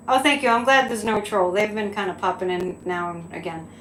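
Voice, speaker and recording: A woman's voice: mid-range voice, fairly even intonation, brisk, hardly any pauses, fairly bright tone. A woman hosting a psychic live stream, talking casually with frequent laughs and incredulous asides. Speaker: psychic livestream host. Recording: echoey room with faint ambience.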